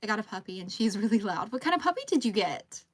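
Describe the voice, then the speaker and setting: Crocheting at home, a woman hosts a livestream and chats casually, rambling, reading out viewer comments and talking to her dog. Her mid-range voice is very animated and fast.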